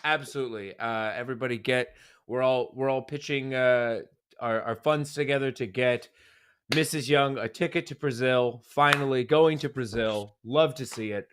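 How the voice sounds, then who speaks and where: A young man hosting a casual wrestling recap chat, upbeat and animated, with frequent stumbling restarts. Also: medium pitch, moderate pace, noisy background. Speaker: host.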